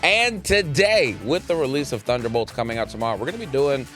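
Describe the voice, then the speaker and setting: Un hombre joven que presenta un pódcast de comedia con charla informal, animado, con jerga y risas frecuentes. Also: male voice, mid-range voice, lively intonation, a little fast, fairly bright tone, soft background music. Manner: upbeat, laughs often, loose slangy delivery. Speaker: podcast host. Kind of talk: casual comedy podcast chat.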